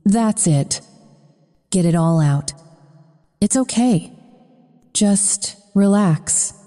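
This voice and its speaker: A woman's voice: unhurried, dark tone, long reverb tail, lightly acted. Woman voicing a soothing mobster. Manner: soothing, low murmur. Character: brooding male Russian mobster, protective.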